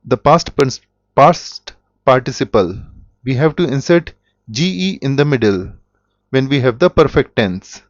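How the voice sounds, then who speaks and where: Slow-speaking man teaching. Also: medium pitch, lively intonation, dry recording. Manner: slow, deliberate, with self-corrections. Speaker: German teacher. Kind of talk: explanatory language lesson. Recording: dull, dry lo-fi audio.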